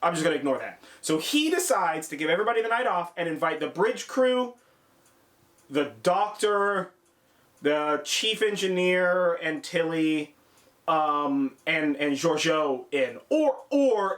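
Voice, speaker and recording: A man's voice: fairly high pitch, animated, unhurried, fairly bright tone. A man co-hosting a review show, recapping an episode in loose, profane casual chat and briefly mimicking characters. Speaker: podcast co-host.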